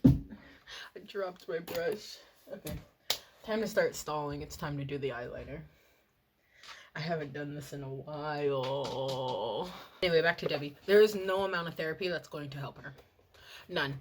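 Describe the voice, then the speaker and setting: A young woman chatting casually while doing her makeup, rambling and excitable, swearing and laughing often. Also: sits low, normal speed, pauses often, a little hiss or hum. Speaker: makeup and TV review vlogger.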